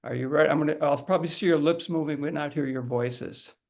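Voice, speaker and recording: A middle-aged man leads a workshop with a slightly higher, gravelly voice. He talks casually to his audience, repeats himself and restarts phrases, and works through examples out loud. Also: fairly even intonation, fast. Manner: conversational, repeats words and restarts, demonstrates aloud. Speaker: haiku teacher leading a workshop. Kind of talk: casual instructional talk to an audience.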